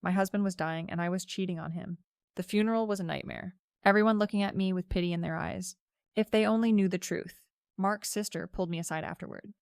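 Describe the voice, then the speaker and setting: Gravelly woman narrating a story. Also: fairly low pitch, steady tone, quick pace, dry recording, clean studio sound. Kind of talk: scripted first-person story narration.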